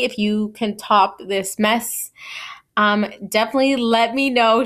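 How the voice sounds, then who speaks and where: A woman's voice: medium pitch, fairly bright tone. A woman in her twenties hosting a podcast, telling a personal story in a chatty way, full of "like" and "you know". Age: 20s. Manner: chatty, lots of "like" and "you know", laughs at herself. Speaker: podcast host. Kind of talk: casual storytelling.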